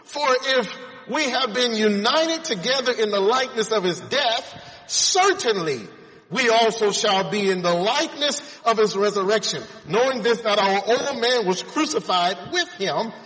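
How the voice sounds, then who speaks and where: A man's voice: high voice, animated, moderate pace, a bit bright, big-room sound, rough recording. A man preaching a sermon, reading scripture aloud and explaining it, calling his listeners friends.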